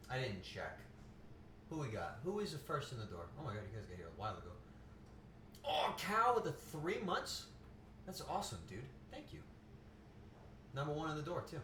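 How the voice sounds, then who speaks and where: A man talks casually to his viewers while cooking, rambling through jokes and swearing offhandedly. His voice is bright and swings widely in pitch. It is caught from across an echoey home kitchen. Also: very animated, recorded from a distance, slight background noise. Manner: rambling, jokey, quick to laugh. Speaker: streamer cooking live. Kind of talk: casual live-stream chat.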